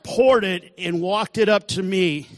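His voice high and his pace measured, a man delivers a sermon-style recovery testimony, earnestly telling the story and acting out the voices of others. There's no room sound, though he seems to be in a large hall.

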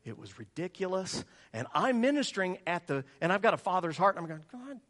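Animated middle-aged preacher man. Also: brisk. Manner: animated storytelling, acting out voices in a much higher pitch. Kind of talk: sermon.

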